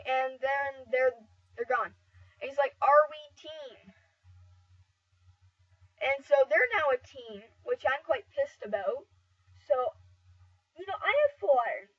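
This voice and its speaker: Woman, high voice, excitable rambling gameplay commentator, dull lo-fi mic. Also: moderate pace, husky. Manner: rambling, excitable, frequent fillers and restarts. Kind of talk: casual game commentary over footage. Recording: dull lo-fi mic, slightly distant.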